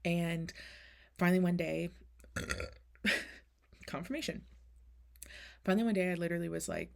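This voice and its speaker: Casual woman oracle reader, low gravelly voice, candid and chatty. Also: a little slow, long pauses. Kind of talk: casual spoken oracle reading.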